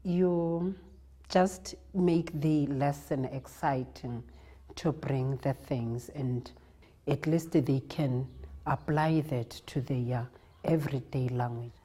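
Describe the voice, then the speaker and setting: A South African woman teacher talks through her classroom methods in a calm, explanatory way. Her voice sits very low and sounds husky and dark. She speaks slowly and steadily. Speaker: primary school teacher. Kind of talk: reflective interview narration.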